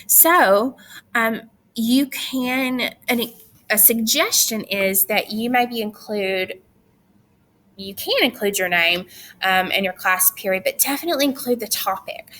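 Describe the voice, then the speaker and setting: A woman's voice: on the high side, animated, measured pace, bright, forceful tone, slight background noise. A young adult woman teacher giving recorded instructions to her students, chatty and firm with teasing asides.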